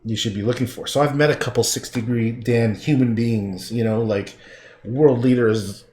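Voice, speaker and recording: A middle-aged man from Canada chatting casually while painting, with rambling, profane asides that often trail off quietly. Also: mid-range voice, fairly even intonation, moderate pace, a little hiss or hum. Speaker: livestreaming painter.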